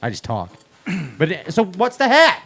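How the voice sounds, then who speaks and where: A male host with a high voice that leaps all over the place, bright and sharp in tone. He jokes around with his guests and hypes the crowd up in an excitable, announcer-style way at a live event in a bar. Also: normal speed. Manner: excitable, joking, hype-man announcing. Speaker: show host. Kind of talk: live show banter. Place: bar venue with live audience.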